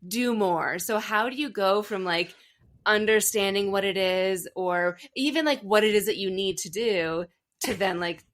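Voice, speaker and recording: A woman's voice: mid-range voice, a little slow. A young adult woman hosting a podcast interview, telling stories in a chatty, casual way. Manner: chatty storyteller, acts out quotes. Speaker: podcast host.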